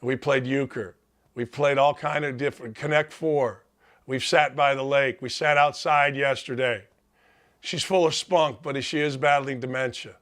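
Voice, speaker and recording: A man's voice: mid-range voice, steady tone, unhurried, a bit bright. A man hosting a sports talk show, speaking in a heartfelt, tearful monologue of gratitude, choked up and close to crying. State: choked up, near tears. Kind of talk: emotional monologue.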